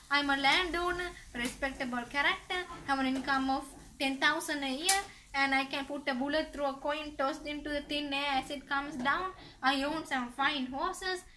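A woman's voice: high-pitched, bright, forceful tone, slight background noise. A woman reading the lines of a blustering, lovesick male landowner, making overwrought pleas. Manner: pleading, overwrought declarations.

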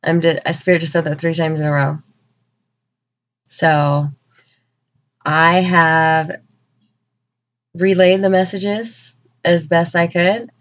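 Woman tarot reader, emotional and unhurried, muffled home-video sound. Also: on the low side, fairly even intonation. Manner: slow, earnest, emotional, with many pauses. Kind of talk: channeled spiritual message to viewers. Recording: dull lo-fi recording.

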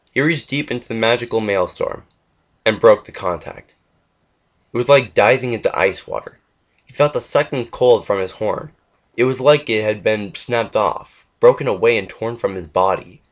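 A young man earnestly reading a fan story aloud, with the odd stumble and restart. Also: lowish voice. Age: young adult. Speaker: fanfiction reader. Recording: dull lo-fi home recording.

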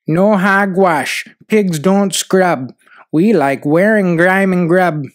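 A man voicing a group of stubborn, mud-loving pigs in a read-aloud storybook, taunting in a slow, drawn-out way. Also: high voice, a little mellow, voice pushed up. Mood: defiant.

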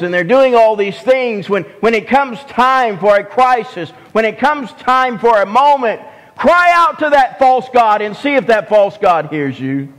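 Slow high-voiced Southern preacher in a reverberant church. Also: male voice, a bit bright. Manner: slow, deliberate preaching with repeated restarts. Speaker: pastor. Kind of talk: sermon. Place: church sanctuary. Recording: long hall reverb.

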